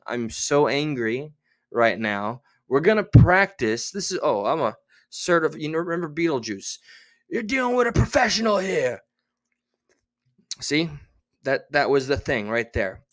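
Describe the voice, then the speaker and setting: A man hosting a casual livestream, rambling and theatrical, muttering and swearing to himself between remarks to his chat. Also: fairly high pitch. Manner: exasperated, theatrical, rambling with tech trouble. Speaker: livestream host.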